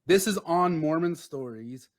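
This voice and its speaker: A man's voice: on the high side, lively intonation, measured pace. A man co-hosting a casual podcast panel, leading the discussion in a laid-back way and agreeing with his co-hosts. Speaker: podcast co-host.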